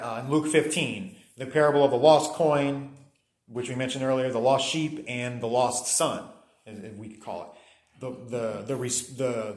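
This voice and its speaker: A man's voice: mid-range voice, echoey room. A man preaching a sermon, teaching in a conversational way with some restarts and reading scripture aloud to the congregation. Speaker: pastor.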